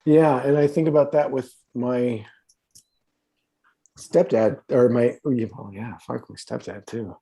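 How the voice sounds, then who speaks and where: A man's voice: mid-range voice, measured pace, vocal fry, dark tone. A man in his fifties, a podcast guest telling stories in a rambling, profane way, full of fillers and restarts. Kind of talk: casual conversational storytelling.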